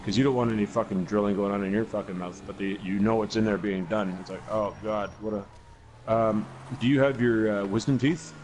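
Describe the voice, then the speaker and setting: A man's voice: lowish voice, fast, hardly any pauses, darkish tone, slight background noise, poor audio. A man in his forties co-hosting a casual gaming podcast, telling long stories with constant swearing and many restarts. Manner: profane, rambling storyteller. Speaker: podcast co-host. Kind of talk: casual chat while gaming.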